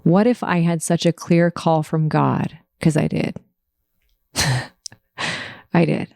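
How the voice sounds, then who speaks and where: A woman hosts her podcast and shares a personal story in a heartfelt, faith-focused way. She speaks slowly, with a gravelly edge to her voice. The sound is close and dry. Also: low voice, steady tone, dark tone, no room sound. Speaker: podcast host.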